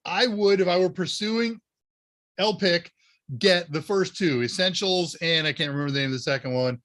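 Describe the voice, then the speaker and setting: A man's voice: high voice, normal speed. Chatty man hosting a live tech Q&A. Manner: relaxed, chatty, answers viewer questions. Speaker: livestream Q&A host. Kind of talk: casual live Q&A.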